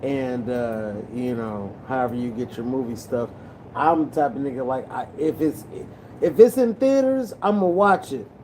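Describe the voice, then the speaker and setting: A man's voice: medium pitch, expressive, normal speed, a little mellow, slight background noise, low-quality recording. A young man rambling casually about movies while he edits, profane and loose, with many restarts. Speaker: movie vlogger.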